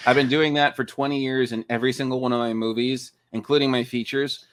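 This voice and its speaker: A man guesting on a podcast chats about his film in a mid-range voice at a quick pace, against a noisy background. It's a casual, animated interview in which he swears and acts out quotes in funny voices.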